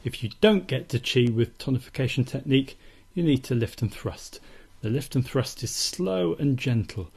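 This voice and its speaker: Man, acupuncture teacher, steady methodical explaining, slightly husky tone. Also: medium pitch, moderate pace, hardly any pauses. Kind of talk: instructional demonstration.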